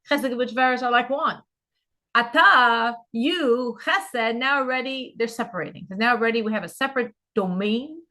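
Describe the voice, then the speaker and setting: Bright-voiced woman teaching a Chassidic class. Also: a little high. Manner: earnest, explanatory, repeats key terms. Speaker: Torah teacher.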